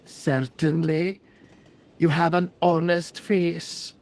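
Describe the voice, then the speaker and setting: A woman voicing a genteel older woman traveler in a video game, dry and quietly teasing. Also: on the low side, fairly even intonation, slow pace. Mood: dry amused.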